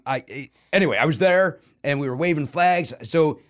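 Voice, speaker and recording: A middle-aged man with a Chicago accent, a comedian guest on a podcast, chatting in an animated, wisecracking, self-mocking way. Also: on the high side, normal speed. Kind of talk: casual podcast chat. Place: podcast studio.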